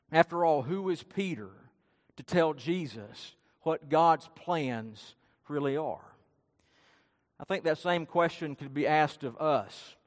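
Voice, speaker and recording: A man with a high voice preaching a sermon, swinging between loud, pointed outbursts and quiet, low asides. His words ring out with a long hall reverb. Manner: dramatic storytelling, acting out quotes with rising and falling intensity.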